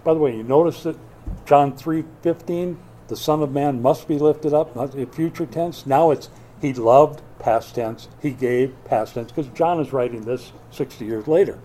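A man preaching a sermon as pastor, swinging between loud emphatic bursts and quiet asides, with a wry, joking touch. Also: medium pitch, moderate pace, a little hiss or hum. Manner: wry, joking delivery with mock quotes.

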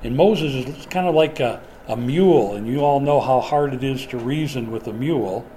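A man's voice: medium pitch, normal speed, warm tone, slight background noise. An older man preaching a sermon in a folksy, storytelling way. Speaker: pastor.

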